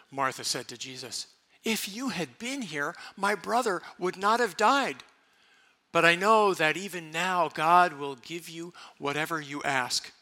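A male pastor delivers a sermon, reading Bible verses and then unpacking them in a relaxed, conversational manner. His voice is very bright and sits a little high. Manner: reads scripture aloud and explains it conversationally.

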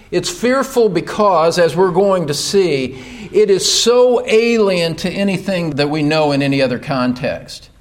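A man preaching a sermon from a church pulpit, emphatic and building to loud rhetorical questions. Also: high-pitched. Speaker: pastor.

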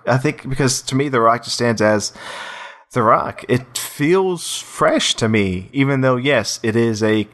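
A man's voice: medium pitch, unhurried, fairly bright tone. Rambling man hosting a casual film chat. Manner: rambling, full of restarts and "you know".

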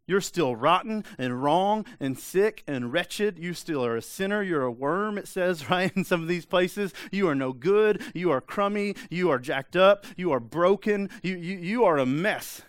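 A male pastor delivers an animated sermon, preaching emphatically yet conversationally and sometimes slipping into quiet, intense asides. His slightly high voice is smooth and clear, moving at a measured pace with hardly any pauses. The close, dry recording has no room sound.

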